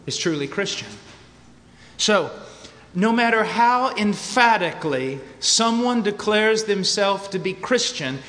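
A man's voice: high-pitched, fairly bright tone. An American man preaching a sermon with emphatic repetition and a varying pace. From United States. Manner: emphatic, varies pace, repeats for stress. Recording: long hall reverb.

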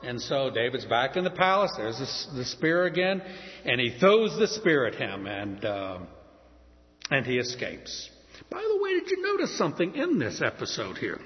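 A man preaching a sermon, retelling a story with lively asides to the congregation. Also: medium pitch, normal speed. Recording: dull recording in a reverberant hall.

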